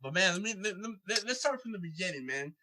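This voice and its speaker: A man's voice: sits high, very animated, fast, a loud crowd. A man hosting a podcast interview, talking loose and hyped and calling his guest bro and dog. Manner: hypey intros, calls guest bro and dog. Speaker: podcast host.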